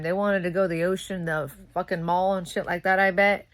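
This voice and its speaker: A woman's voice: lowish voice, level tone, fairly quick. A young woman venting in a casual monologue, cursing often and growing heated as she rants, worn out as a sleep-deprived new mother. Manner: profane, ranting, grows louder and heated. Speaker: vlogger.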